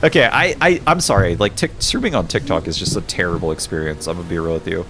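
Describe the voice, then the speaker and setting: A man streaming games live who keeps reacting in exasperated outbursts, swears and restarts when flustered, and drops into low mumbled reading of game text. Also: quick pace, few pauses, fairly bright tone, a little hiss or hum.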